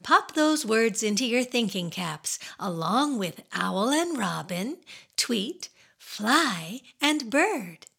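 Lively, husky woman hosting a kids' show. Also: a little high, takes it slowly. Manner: sing-song and silly, asking kids questions. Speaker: children's radio show host. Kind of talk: playful chat to young children.

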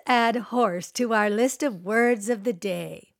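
A woman's voice: a little high, takes it slowly, vocal fry, over music. A woman hosting a children's radio show, talking playfully to young kids in a sing-song way. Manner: playful, sing-song, teasing guessing games. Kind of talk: cheerful talk to young children.

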